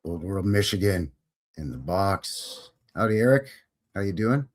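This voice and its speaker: A man's voice: deep voice, animated, a little slow. A Canadian man hosting a live stream in a folksy, jokey, casual way. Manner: folksy, jokey, greets viewers by name. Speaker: host.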